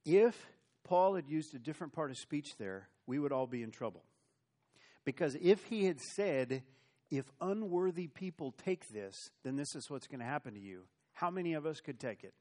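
A man's voice: fairly high pitch, animated, moderate pace, dark tone. A male pastor preaching an earnest sermon, stumbling over repeated restarts and adding wry asides. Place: church.

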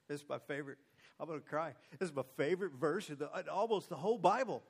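Emotional preacher reading scripture. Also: male voice, a little high, fast, breathy edge. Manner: reads old scripture aloud, then comments with emotion and emphasis.

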